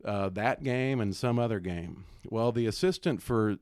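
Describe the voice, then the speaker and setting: A man's voice: on the low side, unhurried, darkish tone, dry recording, clean studio sound. A middle-aged man, a former basketball coach, telling stories as a podcast guest, laughing often and acting out other people's lines. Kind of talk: storytelling in casual podcast chat.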